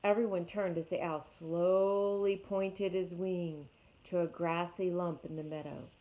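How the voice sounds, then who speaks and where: A woman reading a storybook aloud in an expressive way, speaking directly to young listeners as a teacher. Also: on the low side, measured pace. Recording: tinny phone-like audio.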